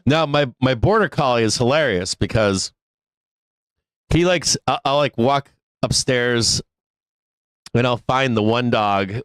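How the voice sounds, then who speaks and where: A man's voice: mid-range voice, measured pace, long pauses, a bit bright, clear, resonant tone, dry recording. A man hosting a live stock trading show, chatting casually, rambling and swearing freely, often breaking into laughter. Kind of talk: casual live-stream talk.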